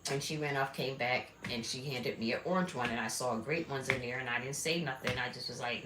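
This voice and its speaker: Woman with a super deep voice rambling through a story on a live stream, blunt, repeats herself, roomy echo. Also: a little fast, few pauses. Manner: blunt, repetitive, conversational. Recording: echoey room with steady background noise.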